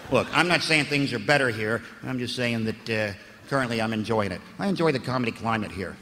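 An American man doing a stand-up comedy set on a club stage, profane and ranting, often rising into loud shouts. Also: mid-range voice, animated, brisk, in a large hall, a little hiss or hum. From United States.

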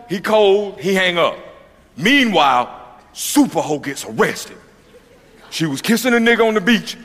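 High, lively male comedian in a hall. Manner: profane, mocking, acts out characters. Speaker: stand-up comedian. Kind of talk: stand-up comedy routine. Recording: long reverb of a hall, faint noise.

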